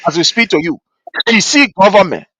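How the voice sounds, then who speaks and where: A man with a Liberian English accent delivers impassioned political commentary in a very high voice. He talks in an animated, repetitive way, often mimicking the people he quotes. The recording is dry and close. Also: fairly quick, no echo. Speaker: host of a political commentary show.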